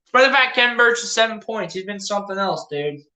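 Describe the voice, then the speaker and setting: Bright-voiced woman doing fan play-by-play. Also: medium pitch, fast talker. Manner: animated trash-talking fan, laughs often. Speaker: fan streaming live play-by-play. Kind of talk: live play-by-play commentary. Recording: roomy echo.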